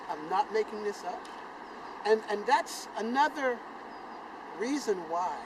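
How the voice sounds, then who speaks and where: Older man from South Carolina telling an animated story. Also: background noise. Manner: animated, sound effects like boom and bam, acts out voices. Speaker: channel host telling a personal story. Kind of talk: casual storytelling to camera.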